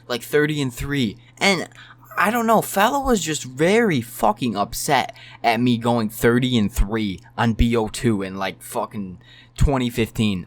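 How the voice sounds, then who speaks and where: A young man telling a casual storytime, rambling and swearing freely. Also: medium pitch. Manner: profane, rambling and animated. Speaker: storytime YouTuber.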